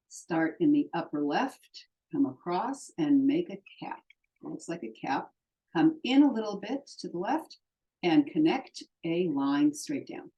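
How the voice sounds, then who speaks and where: A woman's voice: deep voice, warm tone, low-quality recording. A woman teaching a lesson, patiently walking through how to write each letter stroke by stroke. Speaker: Hebrew teacher. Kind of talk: step-by-step lesson on writing letters.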